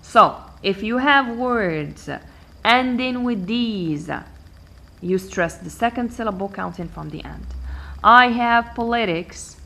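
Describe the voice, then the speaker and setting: A woman teaching an English pronunciation lesson, counting syllables aloud slowly and deliberately. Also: a little high, expressive, gravelly, sharp tone. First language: Arabic.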